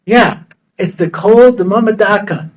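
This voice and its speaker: A rabbi lectures to students in a fairly high voice. He tells the story with animated humor, slipping into the characters' voices as he goes. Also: a little slow, rough recording. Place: study hall.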